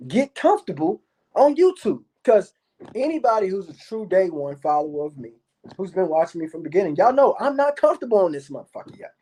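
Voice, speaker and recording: A man's voice: high voice, warm tone, husky. Brash, swearing man hyping up his channel. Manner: boastful, repetitive, swears a lot. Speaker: YouTube commentator. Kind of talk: profane hyped-up monologue to viewers.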